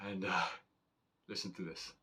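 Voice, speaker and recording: A man chatting casually as he unboxes and reviews a knife, excitable and rambling with fillers. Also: low-pitched, moderate pace, background noise.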